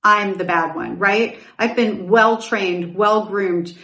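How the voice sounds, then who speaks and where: A woman's voice: medium pitch, fairly even intonation, slow, a bit bright, echoey room, recorded from a distance. A middle-aged woman hosting a podcast, telling a personal story in a candid, reflective way with asides and self-corrections. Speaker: podcast host.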